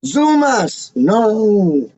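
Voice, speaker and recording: A man hosting a livestream as a self-styled, snobbish Englishman, rambling slowly in pompous rhyming nonsense. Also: high voice, sing-song, mellow, dry recording, heavily acted. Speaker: livestream host. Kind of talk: comic in-character livestream ramble. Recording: dull, lo-fi, dry sound.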